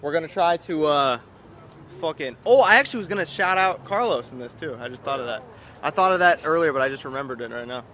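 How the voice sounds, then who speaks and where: A young man filming a casual vlog in a car with friends, loud and joking, on a phone camera. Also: a little high, expressive, fast. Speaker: vlogger.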